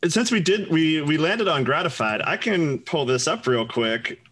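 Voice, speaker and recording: A man co-hosting a podcast, talking in a relaxed way with lots of fillers and dry jokes. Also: fairly high pitch, normal speed, slightly rough. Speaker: podcast co-host. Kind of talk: casual chat.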